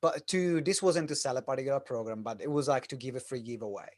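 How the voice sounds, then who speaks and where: A man hosting a podcast interview, speaking hesitantly with many pauses and restarts. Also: mid-range voice. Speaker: podcast host. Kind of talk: conversational interview.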